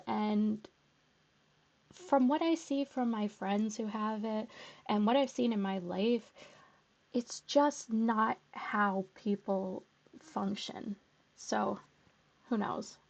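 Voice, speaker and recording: A woman's voice: mid-range voice, takes it slowly, vocal fry, pauses often. A woman giving blunt, sarcastic reaction commentary, swearing freely. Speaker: commentary YouTuber. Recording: dull muffled audio from headphone capture.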